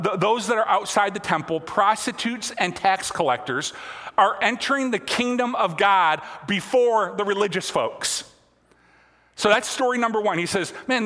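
Bright, high-voiced pastor preaching in a hall. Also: male voice. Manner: conversational, frequent "right?" and "all right?" check-ins; light self-deprecating humor. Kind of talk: sermon. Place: church sanctuary.

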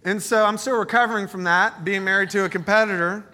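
A man in his thirties preaches a sermon as pastor in a church meeting space, telling stories and cracking jokes. His voice is high-pitched and quick, with an animated delivery.

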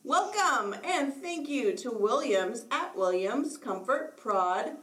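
Slow, lively woman host in an echoey room. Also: on the high side, far from the mic. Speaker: podcast host. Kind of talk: casual chat and read sponsor message.

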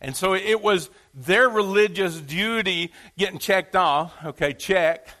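A man's voice: sits high, measured pace, bright, forceful tone. A male pastor preaching a Sunday sermon, telling stories with repeated phrases and folksy asides. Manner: storytelling with repetition and asides.

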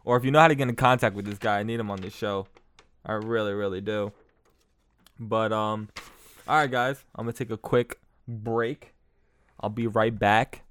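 A man hosting a podcast, giving crude comic commentary on clips, laughing often and excitable. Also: on the low side, normal speed, clean tone. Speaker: podcast host.

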